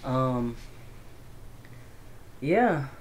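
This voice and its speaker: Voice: medium pitch, sing-song, drawn-out words. A let's play gamer reading a visual novel's text aloud in a playful, self-mocking way, stumbling over lines and adding casual asides.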